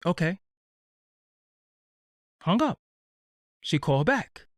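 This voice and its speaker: A man's voice: fairly high pitch, expressive, normal speed, long pauses, no room sound, clean studio sound. Profane streetwise New man. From Brooklyn, New York. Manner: blunt, streetwise, heavy swearing. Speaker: show host. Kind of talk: profane comedic storytelling.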